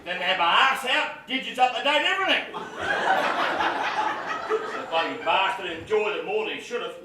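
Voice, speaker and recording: An actor playing a loud, crude Australian cricket fan with an Australian accent who swears freely and cracks crude jokes. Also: male voice, sits high, animated, normal speed. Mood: bantering. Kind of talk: comedy film acting. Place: outdoor cricket ground stands. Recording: echoey, distant mic, background noise.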